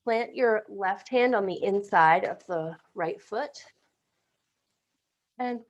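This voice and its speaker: A young woman guides a yoga flow on a video call, her cues calm and timed to the breath. She speaks slowly and evenly at a mid pitch, a little winded as the sequence goes on. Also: lo-fi sound. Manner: calm breath-paced cueing, occasional self-corrections. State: slightly out of breath. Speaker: yoga instructor. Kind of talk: live-streamed yoga class cues.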